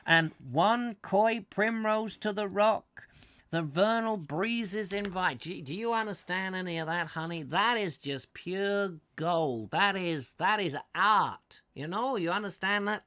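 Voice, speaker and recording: A man's voice: high-pitched, sharp tone, pitched above the performer's own voice, heavily acted. A man putting on the voice of an overeager male American tourist who gushes and drawls, calling his wife honey.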